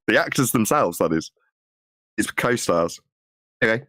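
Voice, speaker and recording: A man with a mild Midlands accent chats easily on a podcast, laughing between his points. His voice sits low, and the sound is close and dry. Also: expressive, measured pace, bright, forceful tone, no echo. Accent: mild English Midlands. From England. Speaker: podcast co-host. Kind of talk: casual chat.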